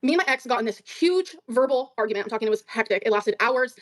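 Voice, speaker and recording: Rapid-fire profane woman storyteller. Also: a little high, expressive, dry recording. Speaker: guest on a stream. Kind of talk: casual storytelling in a stream clip.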